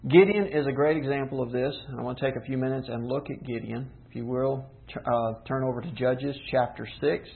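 A man preaching a sermon, teaching earnestly with rhetorical questions and slowing down for emphasis. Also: mid-range voice. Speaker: pastor. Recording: tinny phone-like sound.

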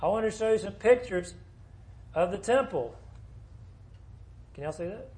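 A man's voice: high-pitched, expressive, unhurried, a little mellow. A man teaching a small Bible class in a conversational way, asking the group questions as he explains the passage.

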